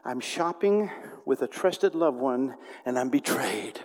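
Man, preacher, storytelling sermon, animated, loud to hushed, medium pitch, long hall reverb. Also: slow pace. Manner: animated, swings between loud outbursts and hushed tones.

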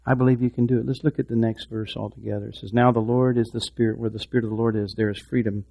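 A man preaching a sermon, swinging from hushed, repeated words to loud, impassioned exhortation. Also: mid-range voice, flat delivery, fast, gravelly. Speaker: pastor.

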